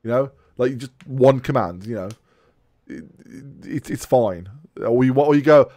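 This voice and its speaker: A man's voice: mid-range voice, moderate pace, mellow, no room sound, clean studio sound. A man hosting a podcast in casual chat, ranting bluntly and swearing freely. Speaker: podcast host.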